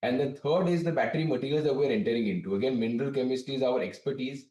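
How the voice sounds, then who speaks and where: Company director explaining, distant roomy sound. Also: male voice, mid-range voice, warm tone. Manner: measured, explanatory, frequent restarts. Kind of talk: business interview answers. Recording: distant, roomy remote link.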